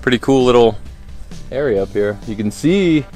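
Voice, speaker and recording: A man's voice: mid-range voice, expressive, normal speed, a little mellow, soft background music. A man talking casually to his camera while hiking a mountain trail, upbeat and easygoing, with plenty of ums and uhs. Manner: easygoing, upbeat, many fillers. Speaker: hiking vlogger. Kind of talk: casual outdoor vlog narration.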